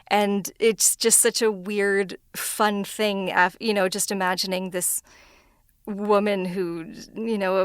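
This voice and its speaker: A woman's voice: a bit bright, clean tone, no room sound, clean studio sound. A woman voice actor chatting in an interview, talking freely and laughing often between thoughts. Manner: self-described higher-pitched voice. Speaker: voice actor guest. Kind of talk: casual interview chat.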